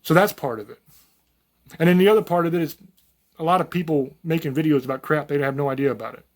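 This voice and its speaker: A man's voice: on the high side, fast. A man giving an unscripted monologue to camera as a channel host, talking in a blunt, profane, folksy and rambling way.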